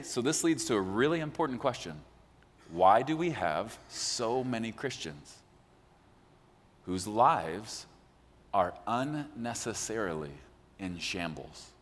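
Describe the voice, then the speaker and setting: Guy pastor preaching, super lively ups and downs, jokey, big reverby church hall. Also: fairly low pitch, a little hiss or hum. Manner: animated, jokey, acts out quotes. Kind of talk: sermon. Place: large church.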